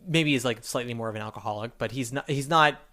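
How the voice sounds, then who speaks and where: Male podcast host, mid-range voice, chatty and animated. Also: medium pitch. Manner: animated, quick retellings with acted-out quotes. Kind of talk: casual chat.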